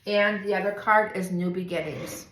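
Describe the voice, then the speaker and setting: A woman tarot reader talking through a spiritual reading in a soft, meandering way, with many pauses and fillers. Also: mid-range voice, fairly even intonation, a little hiss or hum. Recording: roomy echo with faint ambience.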